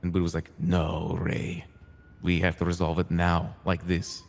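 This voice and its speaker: Playing a streetwise crew boss in a roleplay game, a man tells his side of things in character, earnest and hot-tempered, voicing others' lines and cursing freely. The voice is slightly low, fairly quick, a little mellow and natural-sounding, with long reverb trailing it.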